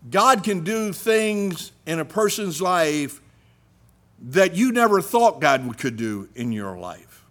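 A middle-aged man preaching a sermon, animated, swinging between loud emphasis and hushed asides. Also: a little high, slow.

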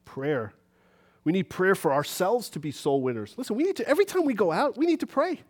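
New guy preaching in church, kinda high voice, acts out the conversations. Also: fairly quick. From New York City. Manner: animated, acts out conversations with rising pitch. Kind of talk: sermon.

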